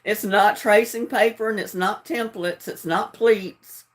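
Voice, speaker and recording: This livestream trivia host talks directly to her audience in a relaxed, chatty way, with frequent giggles. Her mid-range voice holds a steady tone and moves a little slowly.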